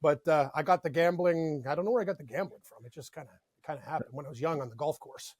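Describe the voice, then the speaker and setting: A young Canadian man co-hosting a sports betting podcast, talking in an excitable, rambling way full of "like" and "dude". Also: on the high side, fast talker, dry recording. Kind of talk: casual sports chat.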